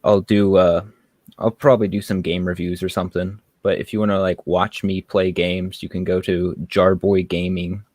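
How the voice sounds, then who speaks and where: A man's voice: sits low, level tone, moderate pace, no room sound. A man guest talking casually on a video call from his car, hesitant and full of ums and likes. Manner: hesitant, many ums and likes, soft laughs. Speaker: guest YouTuber. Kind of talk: casual chat.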